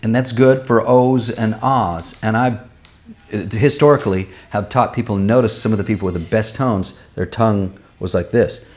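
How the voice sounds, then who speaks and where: A man working as a vocal coach, answering viewers' singing questions and demonstrating vowels and pitches with his own voice. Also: steady tone, moderate pace, a little mellow. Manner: explanatory, uses everyday comparisons.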